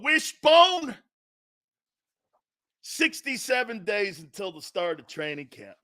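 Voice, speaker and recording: A man hosting a sports talk show, shouting, taunting and laughing in a wildly excitable, mocking way. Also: high-pitched.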